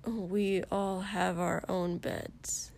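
A woman reading the part of a tired, refined young man in a calm, quiet voice. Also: high voice, takes it slowly, vocal fry, exaggerated voice. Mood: weary.

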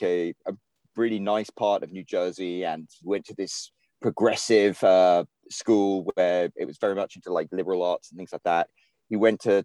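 British man, low mellow voice, dry close sound, rambling podcast guest, lots of fillers. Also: no echo. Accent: British English. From England. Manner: rambling, many fillers and restarts. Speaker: guest writer. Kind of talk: casual podcast chat.

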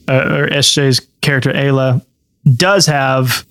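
A man's voice: medium pitch, a little slow, a bit bright, clean tone, no room sound. A man hosting a casual podcast chat as game master, repeating words as he thinks aloud.

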